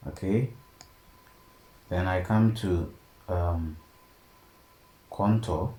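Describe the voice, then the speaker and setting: A man teaching a design software tutorial step by step and often checking in with "okay?". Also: low voice, drawn-out words. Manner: steady step-by-step explaining, frequent "okay?" check-ins. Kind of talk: screen-recorded tutorial narration. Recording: echoey room, faint background noise.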